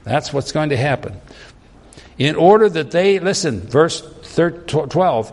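Male pastor, slightly high voice, casual sermon that acts out quotes, heard in a reverberant hall. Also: expressive, unhurried, darkish tone.

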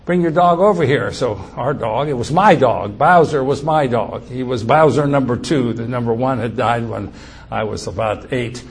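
Older male storyteller, husky, earnest, mid-pitched, spinning a childhood story. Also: moderate pace. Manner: earnest, animated retelling with acted quotes. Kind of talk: personal storytelling.

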